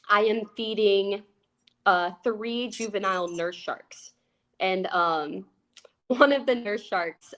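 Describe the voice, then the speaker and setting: A young woman, an aquarist, telling a funny work story in a bubbly, excitable, casual way with plenty of fillers. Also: medium pitch. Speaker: aquarist guest.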